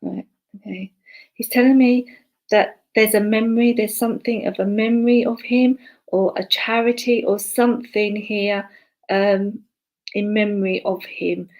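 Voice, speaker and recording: A woman working as a spiritualist medium, passing on spirit messages in a live online service. She speaks haltingly, with many fillers and restarts, and murmurs softly to herself between messages. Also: medium pitch, fairly even intonation, poor audio. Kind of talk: live online clairvoyance demonstration.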